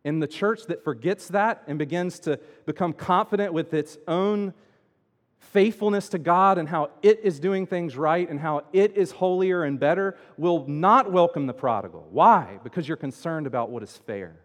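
A man preaching a sermon as pastor, swinging between loud emphatic lines and quiet asides. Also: a little high, normal speed. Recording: long hall reverb.

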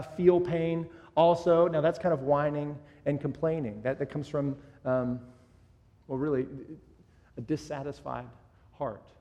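A preaching man with a slightly raised, mellow voice who teaches earnestly and often stumbles into restarts. His words echo through a large hall with a long reverb. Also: a little high. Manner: earnest, with frequent restarts and "kind of". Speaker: pastor. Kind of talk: sermon. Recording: echoey hall.

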